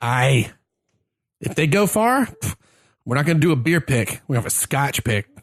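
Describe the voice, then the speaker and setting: A man's voice: on the high side, big pitch swings, moderate pace, dry recording, clean studio sound. A man co-hosting a casual sports podcast, playful in his banter. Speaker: podcast co-host. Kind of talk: casual chat.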